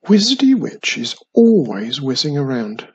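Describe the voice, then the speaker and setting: A man narrating a children's storybook in a slow, husky, gravelly voice. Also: medium pitch, sing-song, darkish tone, muffled recording.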